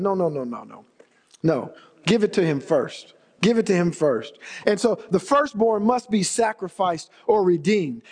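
A man's voice: sits high, animated, moderate pace. A man preaching a sermon as pastor, emphatic and repeating his key phrases for weight. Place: church sanctuary. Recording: long reverb of a large hall.

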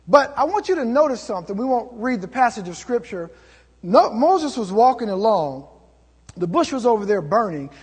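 A man preaching a sermon as a pastor, telling stories in an animated way and acting out the voices in them. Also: high-pitched, slightly rough, long reverb tail. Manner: animated storytelling, acts out voices.

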